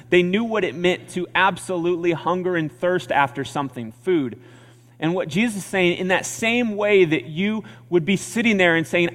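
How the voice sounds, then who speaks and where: A man preaching a sermon as pastor, earnest and conversational, often repeating his phrases. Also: a little high. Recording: church hall reverb.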